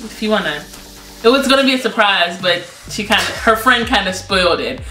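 A teenage girl with a bright, forward voice chats casually on a vlog. She is quick to jump in and keep the story going. A roomy echo surrounds her, with faint music behind. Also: mid-range voice, animated. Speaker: co-host of a vlog channel. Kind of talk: casual chat.

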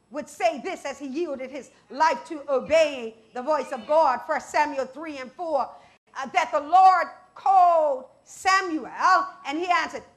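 A woman preaching a sermon, animated, with sudden loud scripture quotes and asides to the congregation. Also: high-pitched.

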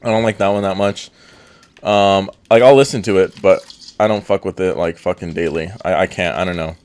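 A man's voice: sits low, fairly even intonation, brisk, darkish tone, dry recording. A young man hosting a live stream, chatting casually with many fillers while eating candy. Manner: laid-back, filler-heavy, talks while eating.

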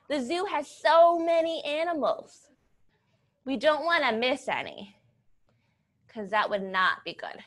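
In an upbeat children's class set to music, a young woman with a slightly high, fairly bright voice leads movement activities. She sounds playful and encouraging in a sing-song teacherly way, with a children's song faintly audible.

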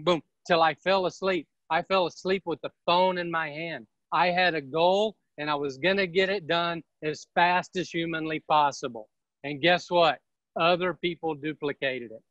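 Male seminar speaker, emphatic motivational delivery, slightly high pitch, dry muffled sound. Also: dry recording. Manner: energetic, emphatic, preachy. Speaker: real estate team leader giving a seminar.

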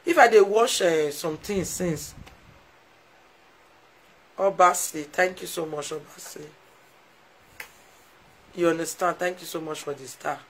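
A woman's voice: deep voice, fairly even intonation, slow pace, pauses often, a bit bright, husky, low-quality recording. A woman with a Nigerian Pidgin English accent, chatting casually to viewers on a live stream, effusive and heartfelt as she thanks them often. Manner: emotional, heartfelt.

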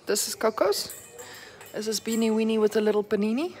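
A young South African woman films a casual daily vlog at home and on an outdoor walk, chatting and cooing baby talk to her dogs. Her mid-range voice is brisk and a little mellow.

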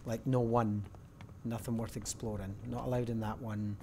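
A man's voice: medium pitch, little pitch movement, normal speed, mellow, slight background noise. A man hosting a let's-play, talking casually and thinking aloud as he works through clues. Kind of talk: casual game commentary. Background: game music.

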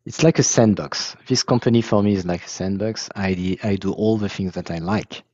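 Brief French man, founder type, halting English, dull dry call audio. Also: low voice, dark tone, no room sound. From France. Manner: halting, restarts, searches for English words. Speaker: software founder presenting his tool. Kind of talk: casual video-call discussion. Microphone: video call.

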